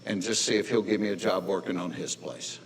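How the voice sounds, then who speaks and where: A man's voice: sits low, fairly quick, big-room sound, voice pushed down. A man voicing a desperate, broke young man ready to swallow his pride and go home.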